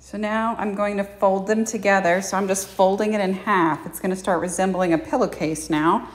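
A woman's voice: mid-range voice, steady tone, moderate pace, in a large hall. A woman giving a chatty, plain-spoken sewing tutorial in a home kitchen, explaining each step. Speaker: sewing instructor. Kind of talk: casual how-to tutorial.

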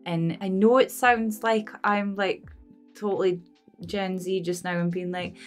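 A woman's voice: fairly low pitch, normal speed, soft background music. A Scottish woman chatting casually to camera as a film reaction vlogger, rambling, self-deprecating and laughing often. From Scotland. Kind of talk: casual unscripted chat to camera.

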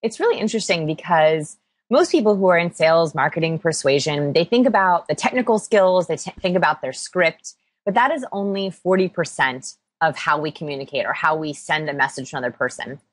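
A woman interviewed as an expert, explaining energetically with quick examples. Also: low voice, lively intonation, no echo. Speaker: interview guest, body language expert. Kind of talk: podcast interview.

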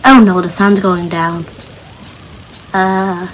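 Slow, nervous young woman gaming. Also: mid-range voice, a little hiss or hum, low-quality recording. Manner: nervous, chatty self-talk. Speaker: gaming channel host. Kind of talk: casual Minecraft gameplay commentary.

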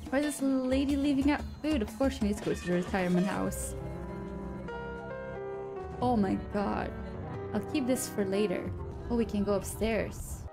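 A woman's voice: medium pitch, vocal fry. A young woman commenting casually on a game as she plays, chatty and emotional, swearing now and then. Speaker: gaming streamer. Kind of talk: let's play commentary.

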